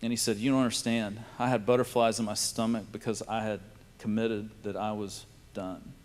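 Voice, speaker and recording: A man's voice: lowish voice, flat delivery, moderate pace. Man telling a testimony in a hall. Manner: storytelling, laughing and tearful in places. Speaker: speaker sharing a testimony. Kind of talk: personal testimony to a live audience. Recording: reverberant hall.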